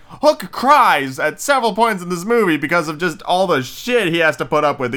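A man's voice: on the high side, bright, forceful tone. A man hosting a podcast, chatting through a movie review in a rambling, profane way, full of ums and restarts. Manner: jokey, does mocking voices of characters. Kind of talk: casual solo review chat.

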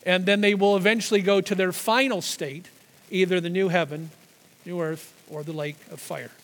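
In a high voice with fairly even intonation and a normal pace, a pastor teaches from scripture, hitting hard on the words he wants to stress. He frequently restarts a phrase before carrying on, and a church hall's long reverb surrounds him.

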